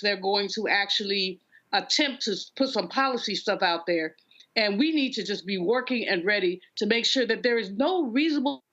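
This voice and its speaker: A woman's voice: mid-range voice, a bit bright, dull audio. A woman panel guest talking politics bluntly and with some amusement. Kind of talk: political discussion.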